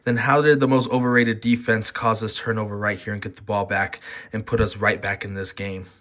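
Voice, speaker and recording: A man's voice: on the low side, level tone, brisk, fairly bright tone. A man ranting about a football game, brash and mocking, with profane trash talk at his critics. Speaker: sports commentator. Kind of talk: heated sports reaction rant.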